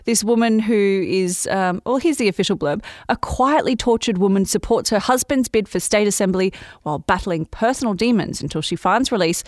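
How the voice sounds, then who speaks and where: A woman's voice: mid-range voice, fairly quick, dry recording, studio quality. A woman co-hosting a casual podcast, playful and chatty, joking with her co-host before turning earnest. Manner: playful and chatty, jokes then turns earnest. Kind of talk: casual chat.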